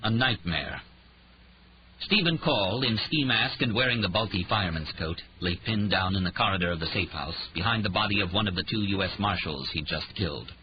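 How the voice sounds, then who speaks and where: A man's voice: sits low, lively intonation, normal speed. A man narrating an audiobook thriller in a tense, dramatic reading. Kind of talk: scripted narration. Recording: slightly dull audio with faint noise.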